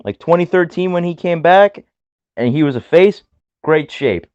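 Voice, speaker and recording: Animated young man, podcast co-host. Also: fairly high pitch, moderate pace, smooth, dry recording, dull audio. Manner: animated, emphatic. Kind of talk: casual chat.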